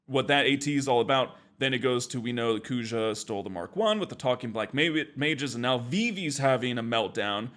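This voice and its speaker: Man, gaming podcast co-host, casual walkthrough chat, mid pitch, easy laughs. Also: fairly quick, hardly any pauses. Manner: laid-back, chuckles often, gets animated when joking.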